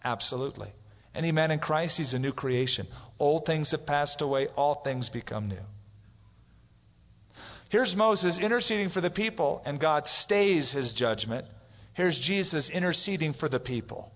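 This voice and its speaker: Speaking at a normal speed, a pastor delivers a sermon full of stories, performing the voices of those he quotes. His pitch sits fairly high, and his tone is expressive and fairly bright, echoing with long hall reverb.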